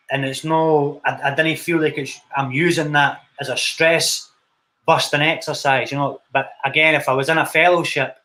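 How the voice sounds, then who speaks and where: A man's voice: a little high, pushed and bright. A young Scottish man, a film director, telling his story in a casual interview, blunt and swearing freely. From Scotland. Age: young adult.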